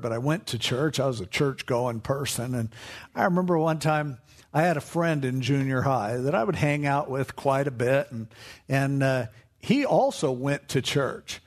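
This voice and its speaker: Conversational male pastor preaching. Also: fairly high pitch. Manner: conversational, acts out quoted voices. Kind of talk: sermon.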